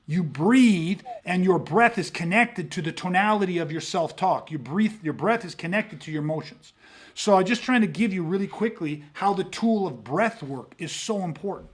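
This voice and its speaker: Guy with a higher voice, podcast coach teaching tactical mindset stuff, intense and swears a lot. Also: expressive, moderate pace. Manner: intense, profane, acts out reactions. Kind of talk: instructional podcast monologue.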